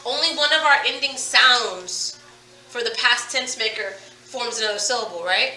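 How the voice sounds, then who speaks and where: Bright high-voiced woman teaching phonics. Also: far from the mic. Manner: patient, drills words slowly and asks questions. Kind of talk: phonics lesson. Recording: echoey room, away from the mic.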